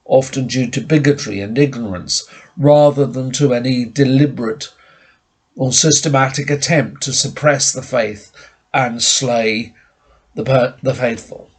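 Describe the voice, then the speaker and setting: Guy preaching, husky voice, slow formal lecture-style sermon. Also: mid-range voice, fairly even intonation.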